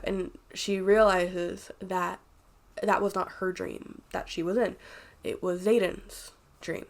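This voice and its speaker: A woman's voice: medium pitch, vocal fry. A congested, sniffly woman giving a chatty, rambling and candid casual book review.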